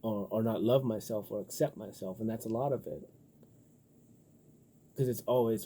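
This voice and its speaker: A man talking in a loose, rambling casual monologue, profane and full of filler words, getting animated when riled up. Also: lowish voice, moderate pace, long pauses, slight background noise. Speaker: vlogger.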